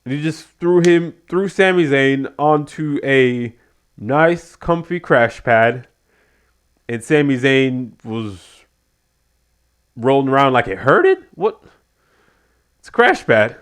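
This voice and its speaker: A man's voice: mid-range voice, slow, pauses often, clean tone. A man giving a casual spoken review of a wrestling show, animatedly retelling what happened. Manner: animated retelling, acts out quotes.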